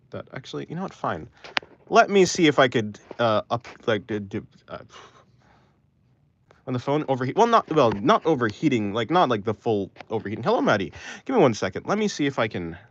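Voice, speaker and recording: A man's voice: mid-range voice, sing-song, brisk. A man livestreaming while he draws, chatting with viewers, rambling and thinking aloud into a phone mic. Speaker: art livestreamer. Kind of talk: casual chat with a live stream audience. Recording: slightly dull audio, faint music.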